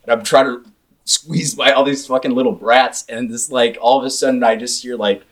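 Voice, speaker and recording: Young man, casual chat, profane, animated storyteller, mid pitch. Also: normal speed.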